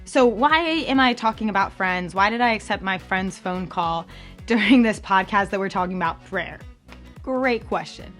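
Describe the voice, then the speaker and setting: A woman's voice: animated, normal speed, fairly bright tone. Young woman host rambling along all chatty and bubbly, lots of ums, faint music under her. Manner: chatty and bubbly, lots of fillers, jumps up high for quoted voices. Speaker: campus ministry podcast host. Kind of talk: casual chat.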